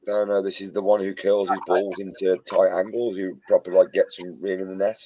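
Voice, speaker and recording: A British man with a low, mellow and husky voice, chatting with friends and telling jokey stories. He keeps slipping into quotes from comedy films. The sound is dry and dull, like a lo-fi recording. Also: little pitch movement, a little fast. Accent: British English. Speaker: co-host chatting while model making. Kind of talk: casual chat.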